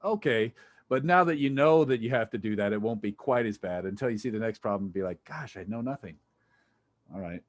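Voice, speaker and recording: A man with a lowish voice teaches a physics class at a quick pace, keeping things casual and jokey. As the instructor, he thinks aloud while working through problems with his students.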